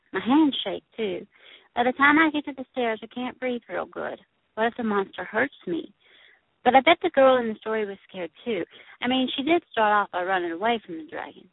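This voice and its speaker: A woman audiobook narrator reads a first-person story as a young girl, telling it plainly and childishly. Her voice is a little high, creaky and breathy, and the recording is dry, tinny and phone-like with no echo.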